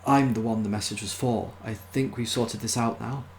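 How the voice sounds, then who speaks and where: A man reading aloud voices a brisk, curt female TV interviewer in a storybook reading. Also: on the low side, fairly even intonation, gravelly, slight background noise. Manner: curt, clipped replies.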